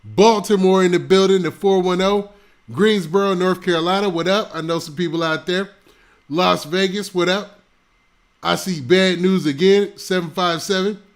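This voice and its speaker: A high-pitched, gravelly male voice hosts a casual live stream on a close mic. He runs through shout-outs to viewers in loose, laid-back slang. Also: fairly even intonation, moderate pace. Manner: shouting out viewers' locations one after another.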